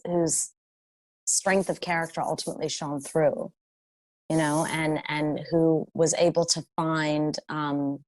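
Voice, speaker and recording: A woman's voice: deep voice, darkish tone, no echo. A woman voice actor as an interview guest, speaking in a reflective, earnest way. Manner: reflective, earnest, with frequent "you know" and restarts. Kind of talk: casual interview.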